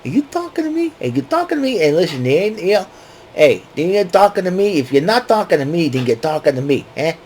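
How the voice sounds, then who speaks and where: A man's voice: very animated, quick pace, darkish tone, slight background noise. A man doing an impression of a confrontational movie gangster, repeating a taunt in a raised, exaggerated voice. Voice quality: exaggerated high-pitched taunting repetition.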